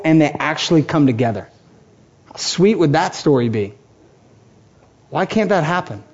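High-voiced impassioned preacher man. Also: sing-song, moderate pace, long pauses, darkish tone, lo-fi sound. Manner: impassioned, acts out quoted voices. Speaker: pastor. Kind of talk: sermon.

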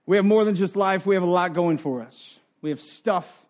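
High-voiced man preaching a sermon. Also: moderate pace. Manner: earnest, conversational preaching with quiet asides and emphatic rises. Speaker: pastor.

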